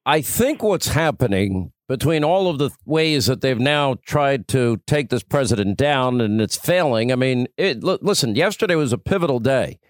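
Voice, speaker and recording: A man hosting a talk show interview, pointed and brisk as he interjects and gives his own views. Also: mid-range voice, expressive, no room sound, clean studio sound. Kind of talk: interview with political commentary.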